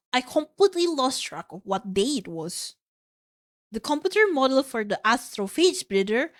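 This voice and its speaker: A woman's voice: a little high, no room sound, clean studio sound. A woman streamer reading a novel aloud, stumbling over words and correcting herself as she goes.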